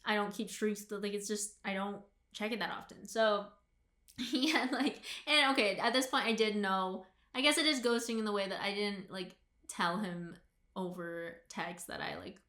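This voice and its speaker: A woman's voice: mid-range voice, moderate pace, pushed and bright. Young midwestern woman, podcast co-host, candid and reactive, roomy echo. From American Midwest. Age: 20s. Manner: reactive, sympathetic listener, candid. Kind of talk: casual chat. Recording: echoey room.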